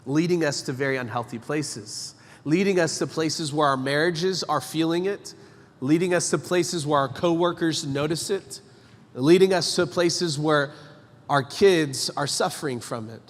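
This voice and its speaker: A man's voice: on the high side, a little slow. A male pastor giving an emphatic, conversational sermon, asking the congregation direct questions. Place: church sanctuary. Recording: long church hall reverb.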